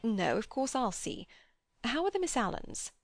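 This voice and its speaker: A woman reading as a bustling, kindly country vicar, bright and chatty. The delivery is brisk and a touch louder than the narration, recorded close and dry. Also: on the high side, sing-song, creaky, no echo, voice pushed up, exaggerated voice. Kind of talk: audiobook character reading.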